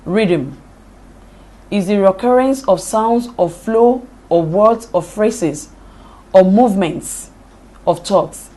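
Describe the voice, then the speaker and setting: A woman reading a poetry lesson aloud from notes in a deliberate, measured way, spelling out her examples. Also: medium pitch, warm tone. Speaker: lecturer. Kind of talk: slow read-aloud lecture on poetry.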